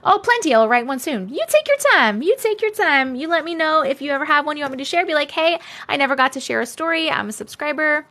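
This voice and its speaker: Casual live-stream host, woman, fairly high and very animated voice, friendly chatter with viewers. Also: fast talker, few pauses. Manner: chatty, greets viewers by name, laughs often.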